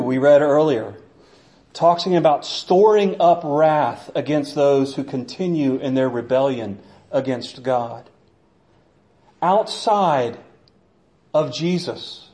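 A man's voice: on the high side, warm tone. A man preaching a sermon in a church, impassioned and dramatic, acting out the voices he quotes. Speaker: pastor.

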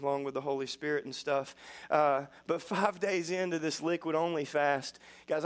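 A male preacher with a high-pitched voice delivers a sermon in an animated storytelling way. He acts out his own thoughts and his kids' imagined voices, swinging between loud punchlines and quiet confessional asides. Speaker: pastor.

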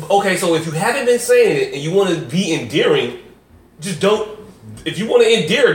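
A man co-hosting a podcast in casual chat, animated and laughing often, stumbling over restarts. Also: sits high, a little fast, far from the mic. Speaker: podcast co-host. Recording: roomy, from off-mic, faint noise.

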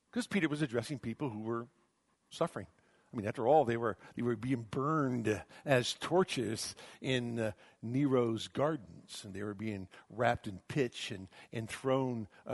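Husky-voiced male preacher, dry sound. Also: no room sound. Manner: preaching with emphatic swings of pitch and loudness, drops to near-whispers; repeats words and restarts mid-phrase. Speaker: pastor. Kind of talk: sermon.

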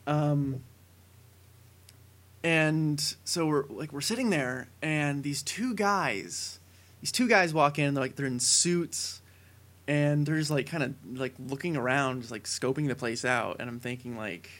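A young man co-hosting a casual podcast, telling a long story with many fillers that builds to excited shouting. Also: a little high, measured pace. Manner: rambling tall tale, building to excited shouting. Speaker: podcast co-host.

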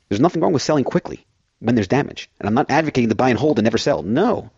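A man's voice: fairly low pitch, animated, very fast, a little mellow, breathy edge, no room sound, highs cut off. A man filling in as host of a financial radio show, rambling through everyday analogies.

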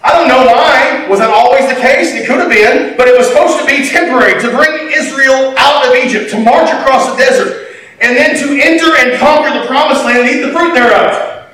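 Male pastor, high ringing voice, preaching from a distance in a big reverberant room. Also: brisk. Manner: animated preaching, swinging between loud and quiet. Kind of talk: sermon. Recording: echoey hall, mic at a distance.

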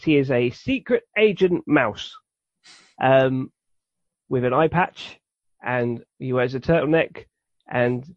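A man's voice: mid-range voice, dry recording. A man co-hosting a podcast, explaining a cartoon in a rambling, enthusiastic way. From United Kingdom. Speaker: podcast co-host. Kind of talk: casual chat. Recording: dull dry lo-fi recording.

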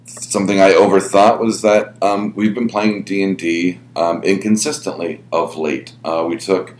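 A man hosting a podcast talks in a deep, low voice through a casual solo monologue. He rambles and reflects on himself with plenty of "um"s and "you know"s. The room sounds echoey, with a faint hum underneath. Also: steady tone, normal speed, darkish tone. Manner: rambling and self-reflective, many fillers. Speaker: podcast host running a podcast network.

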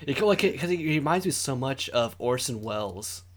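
A man co-hosting a podcast in casual chat, rambling with lots of fillers and animated asides. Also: medium pitch, a little fast. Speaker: podcast co-host.

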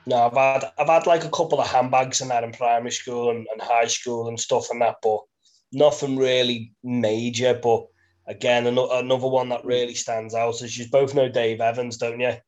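A man with a Merseyside accent tells rambling, sweary stories in a casual chat. His delivery stays level and monotone, with laughter slipping into his sentences. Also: mid-range voice, normal speed, highs cut off. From Birkenhead, England.

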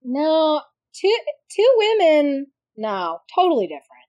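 A woman in casual chat who reacts with shocked swearing and talks in an unhurried way. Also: high voice, huge pitch swings, darkish tone, highs cut off.

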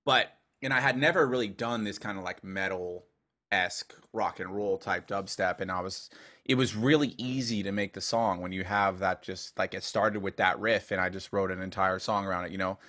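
A man, a dubstep producer as a guest, chatting casually and telling animated stories with lots of fillers and swearing. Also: deep voice, moderate pace. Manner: animated storyteller, heavy filler use, swears. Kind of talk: casual interview chat.

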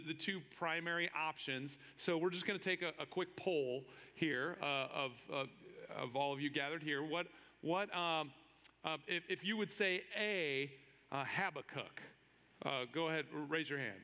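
A man's voice: on the high side, bright, forceful tone, big-room sound. A male pastor opening a sermon in a joking, conversational way, often restarting his words.

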